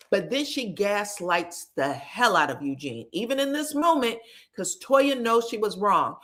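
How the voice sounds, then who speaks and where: Lively woman recapping reality TV. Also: fairly high pitch, unhurried. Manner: animated, acts out quotes, frank cursing. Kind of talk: casual gossip recap.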